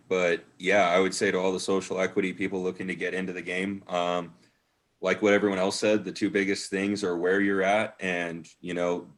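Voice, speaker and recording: A male panelist with a very deep voice and little pitch movement. He gives steady advice over a video call.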